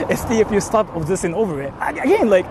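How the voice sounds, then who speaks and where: A man's voice: high-pitched, big pitch swings, brisk, background noise. A man talking, speaking emphatically and packing his speech with "like" while he walks through a convenience store. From Japan. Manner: emphatic, repeats "see?" and "like" often, swears. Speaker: vlogger. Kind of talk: casual vlog talk to viewers.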